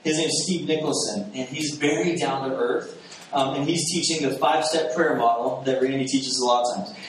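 A pastor preaching a sermon in a storytelling way, lively and laughing, acting out his own past reactions. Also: medium pitch, moderate pace. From Texas. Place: church sanctuary. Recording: very echoey room, distant mic, faint hiss.

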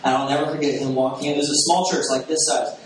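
Animated preacher in a very echoey church. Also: male voice, a little high, fast. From Texas. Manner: animated, laughing, acts out his own past reactions. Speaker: pastor. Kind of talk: sermon storytelling. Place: church sanctuary. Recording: very echoey room, distant mic, faint hiss.

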